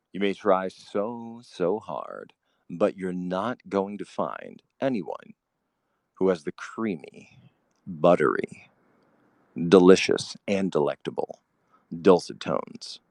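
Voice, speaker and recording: A man hosting a comedic podcast, speaking in a pompous, drawn-out, grandiose way. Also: deep voice, big pitch swings, creaky, darkish tone, dry recording. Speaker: podcast host.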